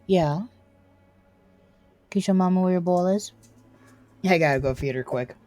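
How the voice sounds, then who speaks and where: A woman's voice: on the low side, fairly quick, a little mellow, no room sound. A middle-aged woman streaming a video game in casual chat, who often mumbles asides to herself. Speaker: gameplay streamer. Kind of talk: casual let's-play chat.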